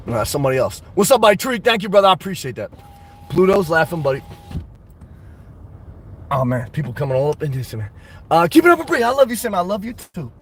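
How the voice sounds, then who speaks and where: A man's voice: high voice, slight background noise. A man hosting a live stream, rambling and joking crudely as he reads out viewers' comments and laughs often. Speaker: livestream host.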